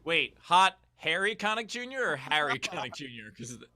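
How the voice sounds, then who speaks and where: A man hosting an online comedy chat show over a video call, trading quick jokes and reading out tip notices. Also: a little high, very animated, pushed and bright. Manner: quick joking banter. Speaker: host. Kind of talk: casual chat.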